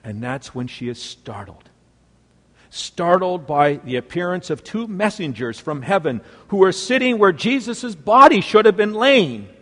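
A male preacher telling a story in a sermon, swinging between loud exclamations and hushed, near-whispered lines. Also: sits high, sing-song, measured pace, big-room sound.

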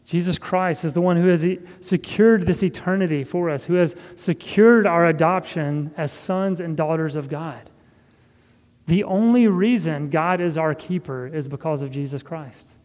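A man preaching a sermon as pastor, earnest and measured, with a soft laugh now and then. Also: fairly high pitch, big-room sound.

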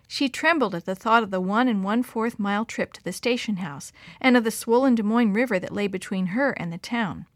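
A woman narrating a story in an expressive, dramatic reading. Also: medium pitch, fairly quick, hardly any pauses, dry recording, studio quality.

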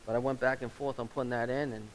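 A man's voice: mid-range voice, flat delivery, fast, low-quality recording. Guy preaching in church, earnest and pleading, kinda emotional, mid voice, bit of hiss. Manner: earnest, pleading altar call. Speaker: pastor. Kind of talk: sermon.

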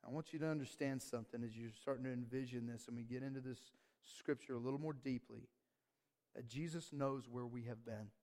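A male pastor preaches in a reverberant church hall, calling out to the congregation in call-and-response and pressing his points emphatically. His medium-pitched voice is steady, a little fast and darkish in tone.

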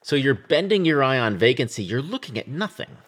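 A man co-hosts a laid-back podcast, walking through a play scene by scene and breaking into lines of verse now and then. His voice sits at an ordinary pitch but moves around a lot. He sounds lively and expressive. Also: fairly quick. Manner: explains scenes and reads verse aloud in between. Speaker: podcast co-host. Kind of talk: casual literary discussion.

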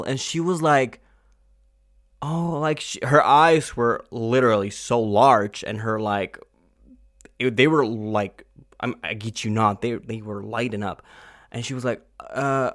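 A man's voice: medium pitch, a little slow, fairly bright tone, no echo, clean studio sound. A man talking straight to the camera in a casual confessional vlog, rambling, swearing often and asking "you get me?" as he vents. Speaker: vlogger.

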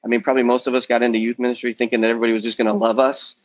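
A man's voice: medium pitch, flat delivery, very fast, no echo, low-quality recording. A man in his forties, a youth ministry guest, candidly sharing his personal testimony in a podcast interview. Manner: earnest, candid, peppered with "um" and "man".

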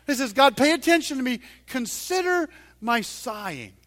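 A male pastor preaching a sermon to his congregation in church, earnest and emphatic, growing louder on the points he stresses. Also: very high voice, sing-song, normal speed.

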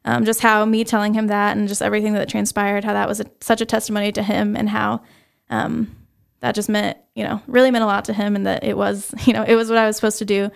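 A young adult woman sharing a personal faith testimony as an interview guest, earnest and halting with many fillers. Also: mid-range voice, flat delivery, vocal fry.

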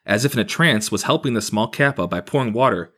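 A man's voice: medium pitch, expressive, fast talker, fairly bright tone, breathy edge. A man reading a folktale aloud to friends, with restarts and casual asides. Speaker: storyteller.

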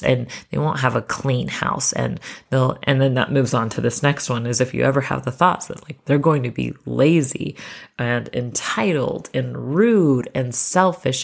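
A woman's voice: a bass voice, creaky. A woman hosting a parenting podcast in a chatty, encouraging way, laughing at herself, and sounding a bit congested from allergies. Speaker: podcast host, parenting coach. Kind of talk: casual solo podcast talk.

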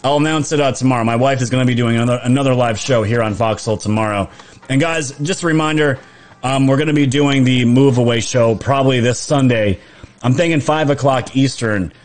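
A man's voice: mid-range voice, fairly quick. Chatty New man live-streaming. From New York. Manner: chatty, laughs often, fillers and restarts. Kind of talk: casual live-stream chat reading viewer comments.

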